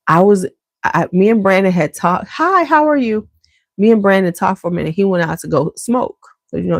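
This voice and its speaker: In a dry, close recording with no echo, made in her home basement, a middle-aged woman vlogger addresses her viewers directly with a rambling, chatty family tale. Her voice sits fairly low, gravelly at the edges yet a little mellow.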